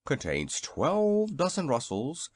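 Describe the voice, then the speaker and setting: A man's voice: fairly high pitch, huge pitch swings, takes it slowly, darkish tone, no room sound, voice pushed up, heavily acted. A man doing the braided old inventor. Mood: eager. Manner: courtly, eager to please. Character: very old braided male inventor, polite and earnest.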